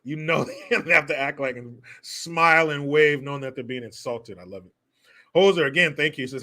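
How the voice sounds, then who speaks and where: A man hosting a casual commentary vlog in a bright, forward voice pitched a little above the usual. He talks with a sarcastic, mocking edge, swears freely and breaks into laughter often. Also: normal speed. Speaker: host.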